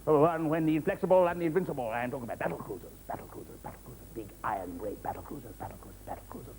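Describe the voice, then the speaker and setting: A man's voice: a little high, animated, rapid-fire. A man playing an old retired navy officer who rambles and blusters, fixated on battle cruisers. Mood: blustering. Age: older. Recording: noisy old TV tape.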